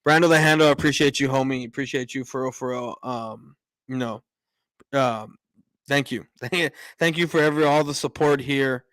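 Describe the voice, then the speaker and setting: Man, livestream host, casual chat, rambling, lots of fillers, average pitch, dry close sound. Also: moderate pace, a bit bright, clean tone, no echo. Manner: rambling, many fillers and restarts, reads out and greets chat viewers; openly emotional, a little choked up.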